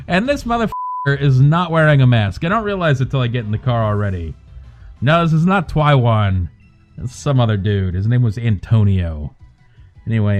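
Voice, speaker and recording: A young man chatting casually on a live stream, animated and quick to rant, with plenty of swearing. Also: medium pitch.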